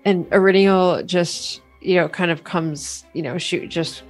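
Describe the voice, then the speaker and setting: A woman's voice: on the low side, fairly even intonation, unhurried, faint music behind. A woman playing a tabletop game, describing her character's attack with hesitant, searching words. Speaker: player.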